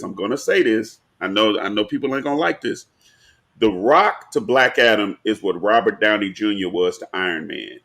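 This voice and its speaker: Lower-voiced man explaining in a slangy way. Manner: animated, drawn-out explaining, slangy. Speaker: podcast co-host. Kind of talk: casual pop-culture chat.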